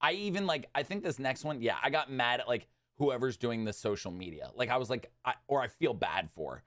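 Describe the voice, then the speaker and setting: A man's voice: medium pitch, a little fast. Agitated man ranting about a game. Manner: agitated, animated, swinging between loud outbursts and muttered asides. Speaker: gaming commentator. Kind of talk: exasperated gaming rant.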